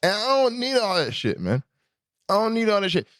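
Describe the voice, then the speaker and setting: A man hosting his podcast, riffing in an animated, profane, emphatic way in casual chat. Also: high-pitched, fairly quick. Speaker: podcast host.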